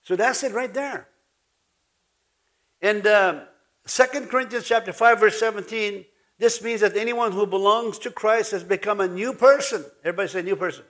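A pastor with a high, somewhat bright voice and an Ojibwe-influenced Canadian English accent preaches a folksy sermon at a moderate pace. He jokes with the congregation and calls for their responses.

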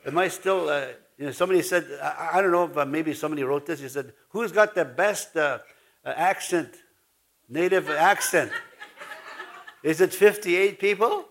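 This pastor's fairly high, fairly bright voice moves at a moderate pace as he preaches in a folksy style. His accent is Ojibwe-influenced Canadian English, and he jokes with the congregation while calling for responses.

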